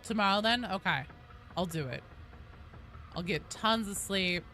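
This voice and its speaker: A young woman streaming a game, chatting casually and greeting viewers with bursts of excitement. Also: mid-range voice, measured pace, pauses often, faint music behind. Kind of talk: casual gaming stream chat.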